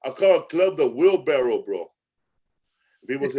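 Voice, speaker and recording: A man's voice: medium pitch, sing-song, normal speed, a crowd in the background. Joking middle-aged man calling everyone bro. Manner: loose, joking, says bro a lot. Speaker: comedian host. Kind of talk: casual podcast banter.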